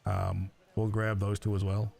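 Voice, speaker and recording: Gravelly low-voiced man, rambling roleplay chat. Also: flat delivery, a little mellow. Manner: rambling, halting, full of fillers. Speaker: roleplay streamer.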